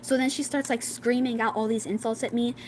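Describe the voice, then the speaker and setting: Young girl vlogger, high voice, rambling storytime with lots of fillers, slight background noise. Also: steady tone, a little fast, darkish tone, poor audio. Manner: rambling, many "like"s, acts out quoted classmates. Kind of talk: casual storytime.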